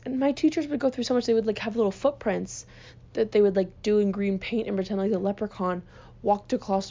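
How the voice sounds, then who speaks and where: A young woman, ranting in an exasperated, swearing, animated way as a podcast host. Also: medium pitch, vocal fry. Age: young adult. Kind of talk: casual comedic rant. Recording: dull lo-fi recording.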